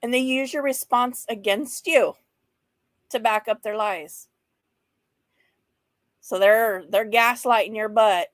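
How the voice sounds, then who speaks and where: A woman's voice: on the high side, fairly even intonation, slow pace, pauses often, no echo. Woman in her fifties, casual host, frank and chatty, laughs often, dry close sound. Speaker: host of a mental health livestream. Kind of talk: casual talk reading slides and chatting with viewers.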